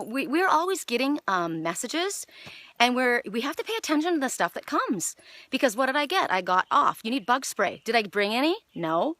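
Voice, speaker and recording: A middle-aged woman giving a casual spiritual card reading outdoors, chatty and excitable, with lots of fillers. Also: medium pitch, no echo. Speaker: oracle card reader. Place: outdoors in the evening.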